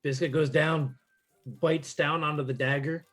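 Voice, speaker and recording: A man's voice: on the high side, flat delivery, measured pace, fairly bright tone, faint music behind. A man narrating as game master, easygoing and patient as he calls for rolls.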